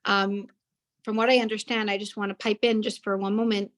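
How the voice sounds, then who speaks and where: Flat-toned woman hosting a talk. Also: mid-range voice, brisk. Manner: polite, interrupts gently. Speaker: host.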